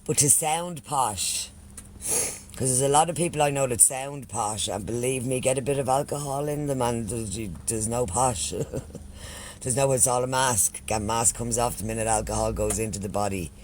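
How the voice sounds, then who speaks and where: A man's voice: medium pitch, moderate pace, a little hiss or hum. Chatty Irish man on a live stream. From Ireland. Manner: chatty, swears freely, thanks followers by name. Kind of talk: casual live-stream chat.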